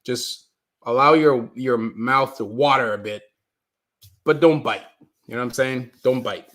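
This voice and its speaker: A man hosts a casual live stream from a basement, in a voice of ordinary middle pitch. He chats loosely with his viewers and reads their comments aloud. He keeps apologizing whenever the stream freezes. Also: unhurried, fairly bright tone. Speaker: livestream host. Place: mother's basement.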